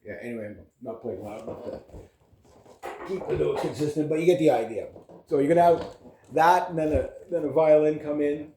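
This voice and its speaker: A man's voice: on the high side, a little fast, warm tone, reverberant, a little hiss or hum. A man, a vlogger and musician, chatting casually and rambling between topics with lots of fillers and restarts. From Canada.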